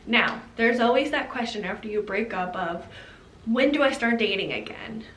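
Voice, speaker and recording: A woman's voice: fairly high pitch, expressive, normal speed, fairly bright tone. A woman talking straight to her viewers, giving earnest, direct relationship advice in a casual vlog. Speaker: advice vlogger. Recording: roomy with faint background hiss.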